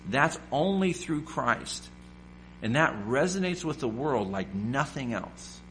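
Bright-voiced man preaching emphatically. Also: mid-range voice, a little hiss or hum. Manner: emphatic, repetitive, rhetorical questions. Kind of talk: sermon.

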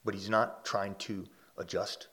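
A man giving a conversational sermon as a pastor. He often restarts his phrases and checks in with "right?", swelling louder on key points and dropping soft and quiet on calm lines. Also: lowish voice, unhurried.

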